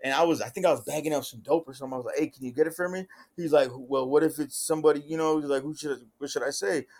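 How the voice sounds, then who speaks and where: A man casually telling a story on a podcast, heavy with slang, acting out what others said. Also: very fast. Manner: animated, acts out quotes with rising pitch, heavy slang. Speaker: podcast host.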